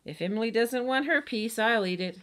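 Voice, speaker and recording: A woman's voice: a little high, normal speed, fairly bright tone, voice pushed up, close to an everyday voice. A woman voicing a curious, persistent young girl in a storybook who keeps asking questions. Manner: inquisitive, pushy questions.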